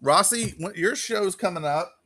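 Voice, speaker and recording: A man hosts a live online auction stream, chatting casually, calling bids quickly and greeting viewers by name. His voice is high-pitched and bright, forceful and slightly rough.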